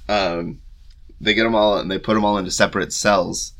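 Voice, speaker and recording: Low gravelly man recapping a story. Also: fairly even intonation, fairly bright tone, slight background noise. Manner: retells scenes with quick voiced asides. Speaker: podcast co-host. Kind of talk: casual book discussion.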